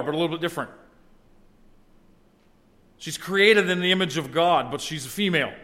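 A man's voice: a little high, a bit bright. A middle-aged man preaching a sermon in a conversational way, at times building to emphatic exclamations. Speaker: pastor.

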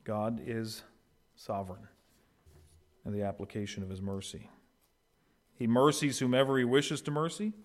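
A man preaching an expository sermon as pastor, swinging between quiet, low passages and loud, raised ones. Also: steady tone, normal speed, pauses often. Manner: swings from quiet to loud, acting out quoted voices.

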